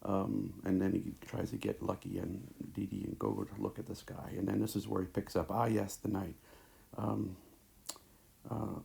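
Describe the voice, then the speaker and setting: A man teaching a recorded lecture over slides, talking haltingly with many fillers and restarts, into a tablet mic. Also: low-pitched, vocal fry, mellow.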